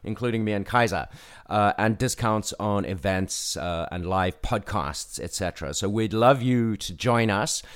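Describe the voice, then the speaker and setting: A man's voice: lowish voice, unhurried, hardly any pauses, smooth. A man with a South African accent, co-hosting a podcast in casual chat with dry, laid-back humor. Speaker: podcast co-host.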